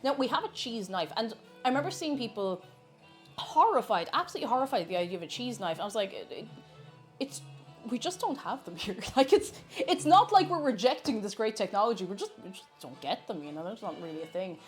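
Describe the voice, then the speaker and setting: A woman's voice: a little high, big pitch swings, brisk, soft background music. An Irish woman live-streaming from her kitchen while baking, chatting casually, reading viewers' messages aloud and laughing often.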